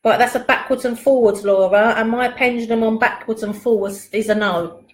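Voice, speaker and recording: A woman's voice: on the high side, fairly even intonation, moderate pace, roomy sound, poor audio. A woman hosting a live pendulum reading at home, chatting casually and rambling, reading out viewer comments and laughing often. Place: at home, in a living room.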